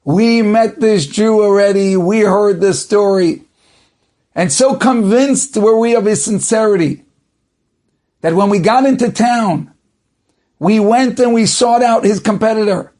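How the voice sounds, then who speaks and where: A man's voice: high-pitched, unhurried, a little mellow, pitched above the performer's own voice. A man playing an emphatic, proclaiming judge. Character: middle-aged male judge, firm and declaring.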